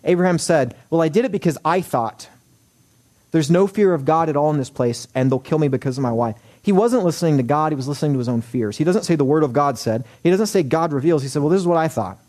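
A man preaching a sermon as pastor, animated, acting out quoted voices with wry humor. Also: on the high side, fast.

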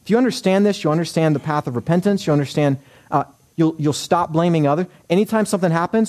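A pastor with a fairly high voice and quick pace preaches an animated sermon, acting out quoted voices with wry humor.

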